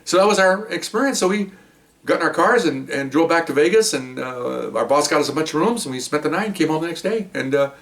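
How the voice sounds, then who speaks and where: A man's voice: fairly high pitch, expressive, quick pace, a bit bright. A man, a police officer, casually telling a long rambling story from his work, often checking in with his listener. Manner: rambling, chatty, checks in with "okay?". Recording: voice a bit distant from the mic.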